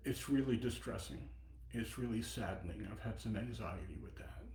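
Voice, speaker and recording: A man in his seventies giving a dharma talk as a Buddhist teacher, reflective, pausing and personal. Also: fairly low pitch, darkish tone. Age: 70s. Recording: echoey meeting room.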